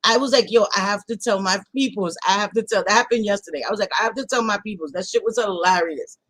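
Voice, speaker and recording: A woman's voice: medium pitch, fast, no room sound. A woman hosting a casual live stream chat, telling a story with lots of swearing and laughter. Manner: profane, animated, laughs a lot.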